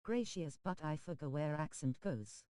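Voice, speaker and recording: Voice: mid-range voice, expressive, moderate pace, mellow, clean tone, dry recording, poor audio. A text-to-speech voice reading viewer chat messages aloud on a game stream, speaking emoji names and abbreviations literally.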